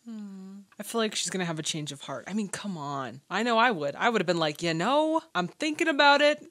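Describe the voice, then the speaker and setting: Effusive reaction host, woman, bright and animated, dry booth-like sound. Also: fairly low pitch, fairly quick, no room sound. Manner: effusive, exclaiming, laughing often. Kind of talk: casual movie reaction commentary.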